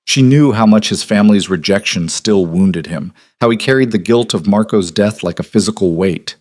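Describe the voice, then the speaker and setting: A man narrating a romance audiobook in a calm, measured way. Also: fairly low pitch, dry recording, studio quality.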